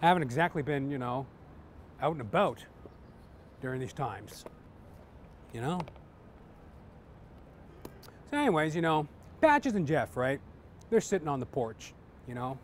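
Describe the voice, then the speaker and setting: Male stand-up comic, rambling delivery, lively pitch, faint hiss behind. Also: moderate pace, pauses often. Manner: rambling, full of "you know". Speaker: stand-up comedian. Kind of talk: stand-up joke telling.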